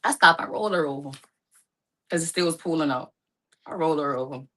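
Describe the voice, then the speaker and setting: A woman's voice: a little fast, fairly bright tone. Woman telling a painful personal story. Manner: emotional, rising to high pitch when distressed; speaks casually with informal phrasing. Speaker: guest telling her story.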